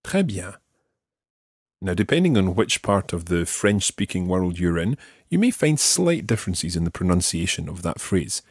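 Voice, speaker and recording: A Scottish man teaches a podcast language lesson, slowing down to model each word with patient care. His voice sits low and a little husky. The recording is dry and close, with no room sound. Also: big pitch swings, no room sound. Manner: patient, slow, careful modelling of pronunciation. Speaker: French teacher.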